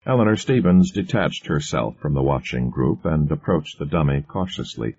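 Very deep, husky male storyteller. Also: unhurried. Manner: steady storytelling. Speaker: audiobook narrator. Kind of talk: scripted narration. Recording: muffled lo-fi recording.

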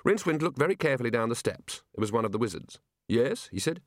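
A man narrating an audiobook in a lively, expressive storytelling manner. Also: medium pitch, rapid-fire, dry recording, clean studio sound.

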